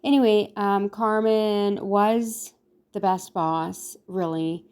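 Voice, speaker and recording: A woman's voice: mid-range voice, fairly even intonation, takes it slowly, a little mellow, clean tone. Woman in her 60s, casual vlog storytelling, chatty and effusive, rambling. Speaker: lifestyle vlogger.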